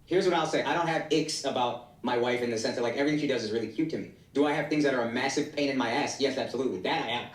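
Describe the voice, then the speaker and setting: A man's voice: medium pitch, very fast, few pauses, reverberant, far from the mic. A man on a podcast telling joking, self-deprecating stories about his married life. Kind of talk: casual podcast chat.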